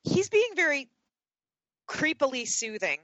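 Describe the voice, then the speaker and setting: A woman co-hosting a podcast, recapping a film in relaxed conversation with lots of fillers. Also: high-pitched, unhurried, no echo, lo-fi sound. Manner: conversational, acts out quotes, many fillers. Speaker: podcast co-host. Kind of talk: casual movie recap chat.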